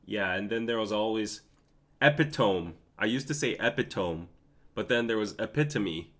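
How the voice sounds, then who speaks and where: Man, 30s, stream host, casual chat, emotional, fairly low pitch. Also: lively intonation, normal speed, a bit bright. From Korea. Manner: emotional, laughing, pleading with chat. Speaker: podcast host.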